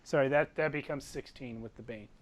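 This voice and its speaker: A man's voice: mid-range voice, brisk. A man narrating and running combat as game master of a tabletop game, describing the blows vividly and energetically.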